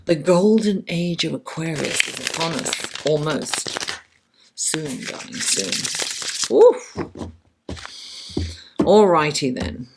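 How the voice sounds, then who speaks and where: Late at night, a woman gives a chatty, affectionate tarot reading, talking to the cards as she goes. Her deep, expressive voice moves slowly with vocal fry and frequent pauses, and it's worn and fading from the hour. The background is noisy.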